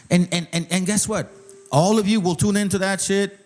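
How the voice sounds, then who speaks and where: A man's voice: sits high, steady tone, normal speed. A man hosting his own channel, giving a heated, profane rant of commentary straight to his viewers. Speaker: channel host. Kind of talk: ranting commentary on a clip.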